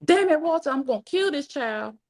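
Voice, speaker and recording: A woman's voice: lowish voice, lively intonation, brisk. A woman voicing a stern, furious grandmother who scolds and demands answers.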